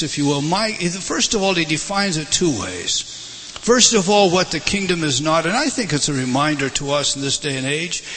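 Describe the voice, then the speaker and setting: A man preaching a sermon, impassioned, swelling to loud emphasis and dropping low again. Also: a little hiss or hum. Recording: large hall reverb, faint ambience.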